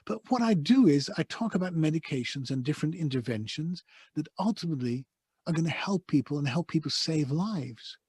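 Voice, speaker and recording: Passionate Dutch-accented man, husky voice. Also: fairly high pitch, lively intonation, brisk, darkish tone, dry recording. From Netherlands. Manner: passionate, emphatic, vivid storyteller. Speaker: voice-over artist guest. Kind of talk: conversational interview storytelling. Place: soundproof home studio booth.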